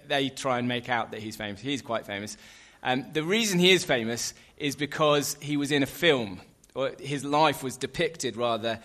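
A man preaching a sermon in a relaxed, conversational way, with fillers and light asides. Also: mid-range voice.

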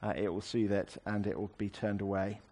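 A man's voice: on the low side, level tone, brisk, warm tone. A man preaching a sermon, explaining a scripture passage in a conversational way with wry asides.

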